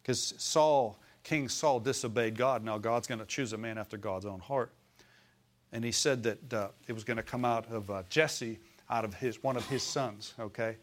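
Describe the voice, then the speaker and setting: A man's voice: medium pitch, normal speed. Conversational male preacher. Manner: conversational preaching, asks the congregation questions; acts out voices in quotes. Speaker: pastor. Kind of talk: sermon.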